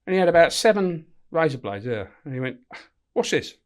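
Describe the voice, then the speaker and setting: A former prison officer trades anecdotes in a podcast interview, swearing freely and acting out voices. He's animated, speaking quickly in a voice on the high side.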